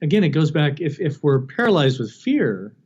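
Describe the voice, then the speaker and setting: A middle-aged male doctor speaks in an earnest, reflective way and often circles back to restart a thought. His voice is mellow and dark-toned, and the recording is slightly dull and lo-fi. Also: a little high, big pitch swings, moderate pace, husky. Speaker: palliative care physician. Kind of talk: reflective interview talk.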